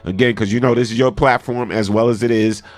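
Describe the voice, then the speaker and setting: A man's voice: mid-range voice, steady tone, quick pace, dry recording. A man hosting a casual radio talk show, energetically hyping up listeners.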